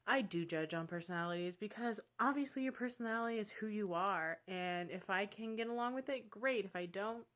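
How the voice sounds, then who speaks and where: Young woman vlogger, bright tone, candid and dramatic, casual chat. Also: mid-range voice. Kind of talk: casual storytelling vlog.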